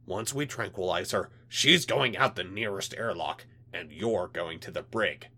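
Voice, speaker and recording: A man's voice: a little slow, husky, exaggerated voice. A man voicing a cold, threatening insectoid alien official in a read-aloud story. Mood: menacing. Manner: clipped, menacing, louder and higher.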